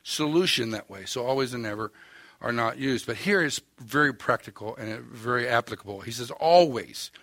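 A man's voice: mid-range voice, normal speed, fairly bright tone, dry recording. An older man with an Oklahoma accent preaching a sermon, telling a story in a folksy, wry, self-mocking way. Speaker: pastor.

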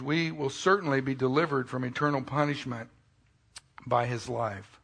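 Guy pastor giving a sermon, gravelly voice, gets loud then drops real soft, cracks little jokes. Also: medium pitch, moderate pace. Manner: swings between loud emphatic peaks and quiet, intimate asides; joking, folksy asides.

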